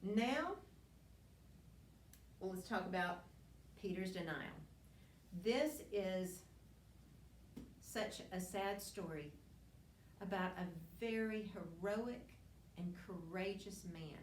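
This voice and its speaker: A woman's voice: mid-range voice, slow pace, pauses often, a little hiss or hum. A woman teaching a Bible lesson, retelling scripture in an earnest storytelling way with frequent restarts and asides. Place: church classroom. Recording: roomy, distant mic with faint ambience.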